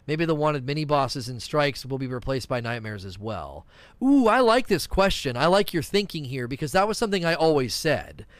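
A man's voice: a little high, normal speed, no echo. A man streaming live, reading viewer questions and rambling through his answers in a casual chat. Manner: animated, rambling, reads chat questions aloud.

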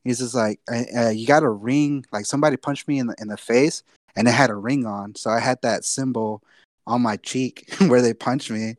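A man's voice: mid-range voice, steady tone, moderate pace, no echo, studio quality. Casual, swearing young man telling a story. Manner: loose, profane, repeats himself. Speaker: podcast co-host.

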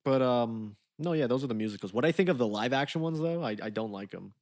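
A man co-hosting a casual podcast chat, animated and quick to laugh, acting out scenes as he tells them. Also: medium pitch, no room sound, studio quality. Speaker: podcast co-host.

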